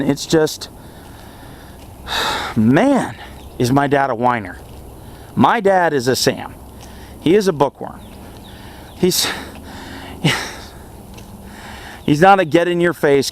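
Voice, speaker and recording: A young man in a casual self-help vlog monologue, earnest and animated, chuckling often as he talks. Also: on the high side, slight background noise. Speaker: vlogger.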